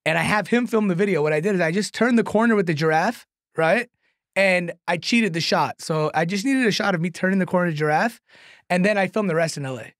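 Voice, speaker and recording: A man, a comedian and content creator, telling a long anecdote in a podcast chat, animated and tagging lines with "right?", laughing now and then. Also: sits high, quick pace, no room sound, studio quality. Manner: laughs through his own story.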